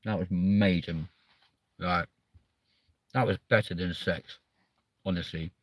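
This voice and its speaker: A man's voice: low-pitched, steady tone, a little slow, slightly rough, dry recording. A man hosting a live stream, chatting casually, reading out the chat and swearing freely between lots of ums.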